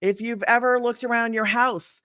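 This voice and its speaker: A woman's voice: a little high, steady tone, moderate pace, fairly bright tone, no echo, clean studio sound. A middle-aged woman giving a casual, chatty livestream lesson from home. She laughs often and drifts easily off track. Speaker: online business coach. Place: home room.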